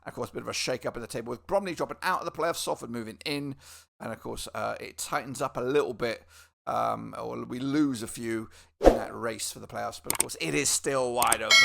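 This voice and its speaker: A man's voice: medium pitch, fairly quick, gravelly, very noisy. A man hosting a football predictions video in a chatty, informal way, with fillers and repeated words. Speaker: football predictions channel host. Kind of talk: casual football predictions commentary.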